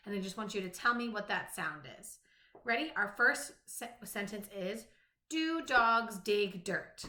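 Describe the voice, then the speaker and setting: A woman teaching a phonics lesson to young children, slowly sounding out rhymes, letters and words. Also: mid-range voice, bright, forceful tone. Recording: echoey room.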